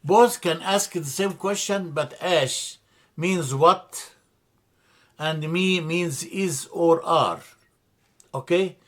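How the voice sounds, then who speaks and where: A man teaching a classroom grammar lesson in a slightly high voice. He talks at a very slow, careful pace and repeats key words for his students. He hesitates often and corrects himself as he goes. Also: fairly bright tone. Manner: slow, methodical, spells out letters and repeats words; frequent hesitations and self-corrections. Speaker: language teacher.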